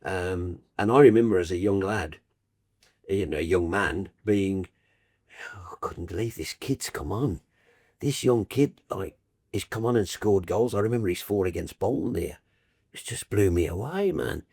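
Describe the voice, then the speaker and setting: Husky-voiced older man telling stories. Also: low voice, moderate pace, dry recording, clean studio sound. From Birmingham, England. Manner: warm anecdotal, animated, trailing restarts. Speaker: broadcaster guest. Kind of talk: casual storytelling chat.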